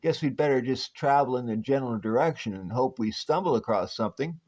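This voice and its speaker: A man's voice: medium pitch, fairly quick, a little mellow, dull audio, natural voice. A man reading as a wisecracking hero detective. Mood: breezy. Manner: breezy, jokey delivery. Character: stretchy male superhero detective, wisecracking and upbeat.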